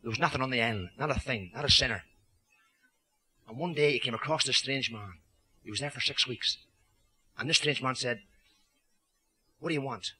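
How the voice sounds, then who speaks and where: An Irish club comedian tells jokes to a live audience in a social club function room, using cheeky storytelling patter. His medium-pitched voice is fairly quick, sharp, and slightly rough.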